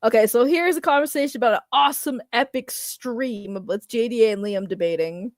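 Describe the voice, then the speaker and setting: A woman hosting a casual reaction video, animated, laughing often and swearing freely. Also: a little high, a little fast, no echo, studio quality.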